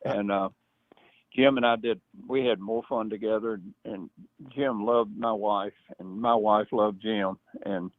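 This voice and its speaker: An older man tells a long story with plenty of life, dropping into a high, excited voice when he imitates an old friend. His voice comes through a narrow, tinny, phone-like channel with no room echo. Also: a little slow. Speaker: guest. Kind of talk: storytelling in casual chat. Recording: dry tinny phone-like line.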